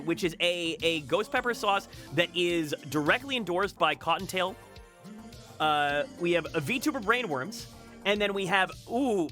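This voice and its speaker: A man's voice: fairly high pitch, creaky, bright, forceful tone. A man hosting a casual chat podcast, rambling and repeating words, laughing often. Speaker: podcast host.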